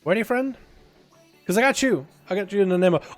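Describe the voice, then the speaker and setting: A young man hosting a casual gaming livestream, sick, talking in an excitable, rambling way and laughing often. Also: sits high, quick pace, faint music behind. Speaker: livestream host. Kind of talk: casual gaming stream chat.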